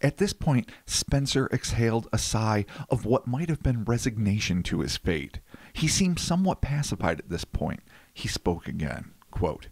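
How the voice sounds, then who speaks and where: A man's voice: fairly low pitch, big pitch swings, measured pace, a little mellow, breathy edge, no echo. A man hosting a podcast, reading case narration and riffing in a casual, profane, joking way. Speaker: podcast host.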